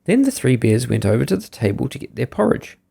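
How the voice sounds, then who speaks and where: A man hosting a podcast, reading a bedtime story aloud in a lively, sing-song way. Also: medium pitch, fairly quick, gravelly, slight background noise.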